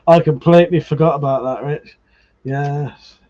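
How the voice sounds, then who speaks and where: A man's voice: a little high, fairly even intonation, moderate pace, mellow. A man hosting a live stream, chatting casually, swearing and laughing as he teases viewers, with slightly muffled audio. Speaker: livestream host.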